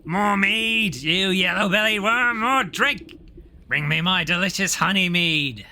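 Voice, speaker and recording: A man's voice: sits high, measured pace, gravelly, pushed and bright, a little hiss or hum, pitched above the performer's own voice, full character voice. A man voicing a large, ferocious, boastful drunken soldier captain who bellows his boasts and orders. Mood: bellowing. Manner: bellowing, blustering.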